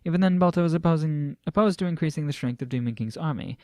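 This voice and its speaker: A man's voice: fairly high pitch, quick pace, warm tone, no room sound, studio quality. Man casually reading a novel aloud. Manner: reads aloud with frequent restarts, laughs and joking asides. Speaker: amateur novel reader.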